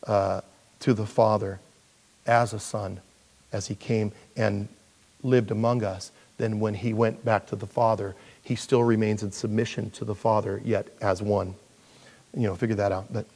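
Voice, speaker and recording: A male pastor giving a verse-by-verse Bible teaching in a conversational, animated way, with joking asides. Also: lowish voice.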